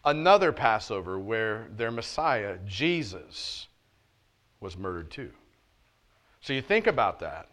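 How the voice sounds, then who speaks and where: A man pastor preaching a sermon in church, moving between loud, stressed points and quiet, low asides, with casual, joking street talk mixed into the preaching. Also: big pitch swings, takes it slowly, pauses often. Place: church service.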